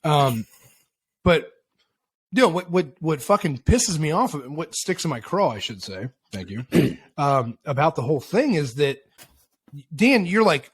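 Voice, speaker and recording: A man's voice: on the high side, very animated, a little slow, husky, no echo. Guy rambling on a podcast, swears constantly, dry close sound. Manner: rambling, profane, self-mocking. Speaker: podcast co-host. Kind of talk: casual banter.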